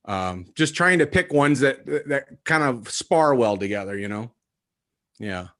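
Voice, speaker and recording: A man's voice: mid-range voice, animated, unhurried, a bit bright. A man who does impressions, a guest on a podcast, talking casually in a rambling way full of filler phrases. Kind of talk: casual chat.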